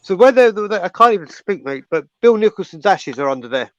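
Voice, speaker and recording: A man's voice: high voice, animated, a little fast, dull audio. A tired man hosting a casual fan chat, getting tongue-tied and swearing at himself.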